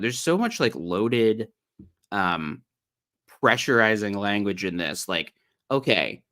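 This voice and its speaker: Sarcastic Ohio man with lively pitch. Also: takes it slowly, pauses often. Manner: sarcastic, mocking. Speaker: streamer. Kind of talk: livestream commentary on an article.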